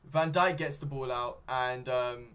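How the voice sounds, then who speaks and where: A man's voice: mid-range voice, fairly even intonation, unhurried, a bit bright, smooth. A young man doing live fan play-by-play of a football match, rambling with frequent ums and self-corrections. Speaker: fan streamer commentating a match. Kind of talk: live fan watchalong commentary.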